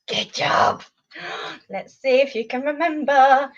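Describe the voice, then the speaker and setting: A woman leading an online Spanish lesson for children, animated and encouraging. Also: high voice, takes it slowly, muffled recording. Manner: animated, encouraging, sing-song teacher voice.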